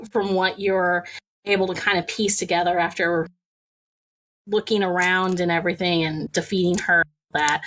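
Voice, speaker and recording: Woman gm narrating slow, lots of ums and giggles, mid voice. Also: medium pitch, fairly bright tone. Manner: giggly, loose narration with many fillers. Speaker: game master. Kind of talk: narrating a tabletop game.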